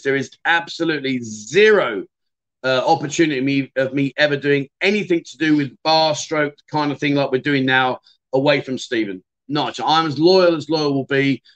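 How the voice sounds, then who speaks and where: A man's voice: medium pitch, fairly bright tone. A middle-aged man, hosting a casual livestream and chatting loosely with many fillers and restarts. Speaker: livestream host.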